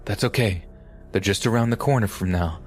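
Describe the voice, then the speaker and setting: A man voicing a calm male emergency dispatcher who reassures an injured caller. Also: lowish voice, a little fast, soft background music, natural voice. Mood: calm, reassuring. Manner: steady, reassuring, urgent.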